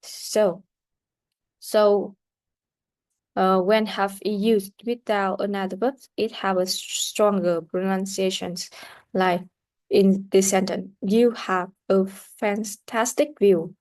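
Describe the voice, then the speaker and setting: A woman leads an English pronunciation lesson, speaking slowly and with care. Her voice sits in an ordinary middle range. She often stops partway through a sentence and starts it again while she explains. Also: mid-range voice, little pitch movement, a little mellow. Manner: slow, deliberate explaining with frequent restarts.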